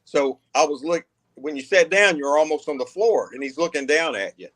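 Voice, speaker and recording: A man's voice: fairly high pitch, expressive, fairly quick, a bit bright. A man in his sixties, a guest hesitantly and earnestly recalling an old story. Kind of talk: casual storytelling.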